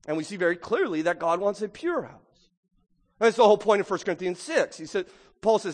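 High-voiced preacher in a reverberant hall. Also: male voice, lively intonation, brisk. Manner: emphatic, conversational preaching. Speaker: pastor. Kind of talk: sermon.

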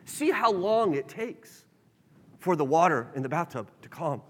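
A man preaching a sermon in a church, animated, shifting his pace and loudness. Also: a little high, measured pace. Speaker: pastor. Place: church sanctuary. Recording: reverberant hall.

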